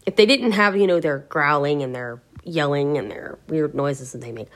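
Woman host, slightly low pitch, casual unscripted musing, hesitant and wordy. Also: normal speed. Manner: rambling and hesitant, searching for words. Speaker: gaming video host. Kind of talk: casual talk to camera.

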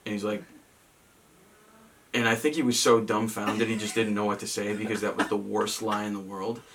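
Rambling young man, low voice, distant mic. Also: little pitch movement, normal speed, a bit bright. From Massachusetts. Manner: rambling, self-mocking, many ums and restarts. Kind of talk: casual storytelling chat.

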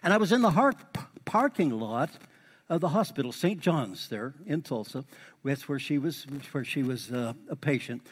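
A middle-aged man preaching a sermon in a folksy way, repeating key lines for emphasis and building into lively exhortation. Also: mid-range voice, normal speed, husky. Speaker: pastor. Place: church sanctuary. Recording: long hall reverb.

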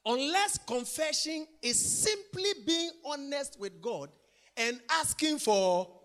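High, bright-voiced emphatic male preacher. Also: animated, takes it slowly. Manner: emphatic, repeats phrases, swings from loud to soft. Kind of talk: sermon.

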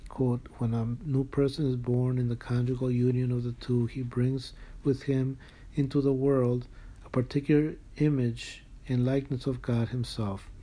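A man's voice: medium pitch, warm tone, a little hiss or hum. A man reading a religious document aloud, carefully marking every quotation and citation, earnest and moved by the text. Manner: reads each citation out in full, marking quotes aloud. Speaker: reader of a church document.

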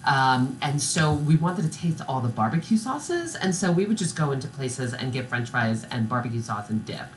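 A woman's voice: extremely low pitch, very animated, moderate pace, hardly any pauses, slight background noise. A woman chatting casually and rambling, with lots of fillers and easy giggles. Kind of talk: casual chat.

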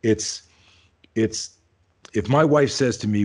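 A man's voice: fairly low pitch, slow pace. A man who teaches self-defense, a guest on an interview show, telling stories in a rambling, casual way with frequent restarts and free swearing.

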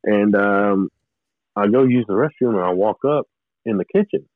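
A man telling his own story as an interview guest, rambling and halting in an earnest, confessional way. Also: on the low side, dry recording. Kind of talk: personal testimony in conversation. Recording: narrow phone-like line, dry.

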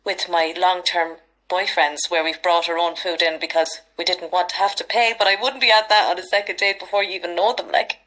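An Irish woman in her thirties tells stories on a podcast in a casual, animated way, with plenty of frank swearing. Her voice sits a little low for a woman. She keeps the chat loose and lively. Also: fairly quick, few pauses, low-quality recording. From Ireland. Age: 30s. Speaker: podcast guest.

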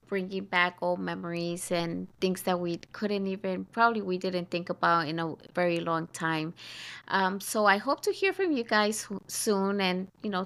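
A middle-aged woman co-hosting a casual podcast with her daughter, spinning family stories. She bursts into acted-out quotes and laughs often. Her voice is bright and sits at a middle pitch. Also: smooth. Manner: animated, acts out quotes with laughs. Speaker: podcast co-host, mother. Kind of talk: casual storytelling chat.

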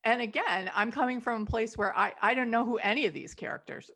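Woman, husky gravelly voice, lively swoops, frank opinionated podcast co-host. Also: fairly high pitch, fast talker. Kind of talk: casual movie review chat.

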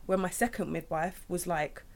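A woman's voice: fairly low pitch, moderate pace. A young woman chatting candidly, rambling with many restarts. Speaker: guest sharing her birth story. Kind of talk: casual chat.

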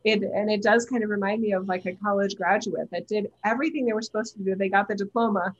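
Emphatic woman host channeling guidance, kinda husky, dull sound. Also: mid-range voice, steady tone, quick pace. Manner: emphatic, warm-hearted, repeats words. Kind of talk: channeled guidance on a live call. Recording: dull lo-fi audio.

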